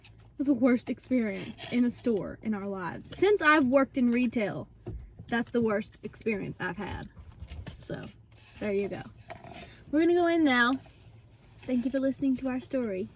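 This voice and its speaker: A woman's voice: on the high side, animated, moderate pace, pauses often, a little hiss or hum. A woman, telling an indignant story in a casual vlog. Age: 20s. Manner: indignant, retelling with quoted dialogue. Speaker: vlog host.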